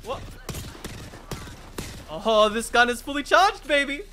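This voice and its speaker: A woman giving excitable gameplay commentary, swearing often and boasting playfully at her enemies. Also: fairly high pitch, slow pace, a little hiss or hum. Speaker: gaming video creator.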